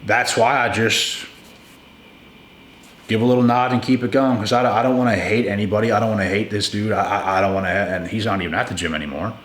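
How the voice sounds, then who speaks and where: A man's voice: on the low side, steady tone, brisk, a bit bright, reverberant, a little hiss or hum. A man giving blunt, emphatic relationship advice in a casual monologue to his viewers. He repeats words for stress and calls listeners "bro".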